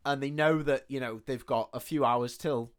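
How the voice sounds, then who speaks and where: A man's voice: medium pitch, moderate pace. A man co-hosting a podcast, recapping a film plot in casual, sweary chat and acting out the characters' lines. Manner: sweary animated retelling with quoted voices. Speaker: podcast co-host.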